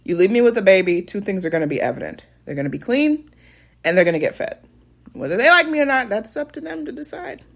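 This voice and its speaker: A woman's voice: medium pitch, fast. Chatty woman telling a funny story. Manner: animated, laughing often, addresses viewers as y'all. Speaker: vlogger. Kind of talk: casual storytelling to camera.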